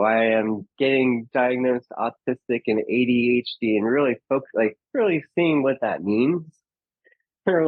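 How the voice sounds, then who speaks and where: A man's voice: mid-range voice, no room sound. A man telling stories as a podcast guest, chatty and full of fillers, laughing often and acting out quotes. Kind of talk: casual storytelling. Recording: dull lo-fi dry sound.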